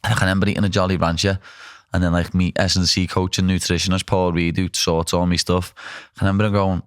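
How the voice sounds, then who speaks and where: A man's voice: sits low, little pitch movement, fast talker, no room sound, clean studio sound. A young man with a Liverpool accent hosting a casual chat, blunt and self-deprecating. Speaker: podcast host.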